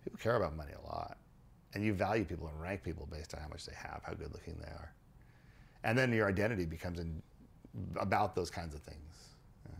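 A man hosting a podcast, explaining ideas in a casual, animated way with frequent restarts and repeated words. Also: sits low, brisk, gravelly, slight background noise. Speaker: podcast host.

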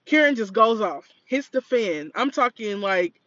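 A woman co-hosting a podcast, telling a story in casual chat and acting out the yelling in it. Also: on the high side, a little slow, no room sound, lo-fi sound. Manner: animated, acts out quoted yelling. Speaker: podcast co-host.

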